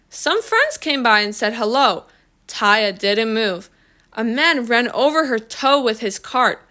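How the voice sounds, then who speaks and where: A woman reading a children's story aloud in a slow, expressive storytelling manner. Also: a little high. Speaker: reader.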